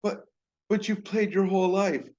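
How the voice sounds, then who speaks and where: A man's voice: sits high, steady tone, moderate pace, darkish tone, muffled recording, voice pushed up, natural voice. A man voicing a pleading middle-aged mother, hurt and exasperated with her child.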